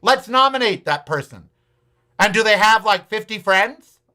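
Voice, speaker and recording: A man's voice: high voice, lively intonation, unhurried, pushed and bright. A man hosting a political talk show, ranting with profanity, sarcasm and repeated challenges to his audience. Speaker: podcast host.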